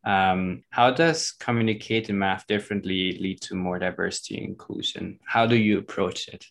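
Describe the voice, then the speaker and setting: A man with a very low voice hosting a podcast interview. He asks his questions hesitantly, with fillers, and murmurs soft agreement while his guest talks. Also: normal speed, gravelly. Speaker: podcast host.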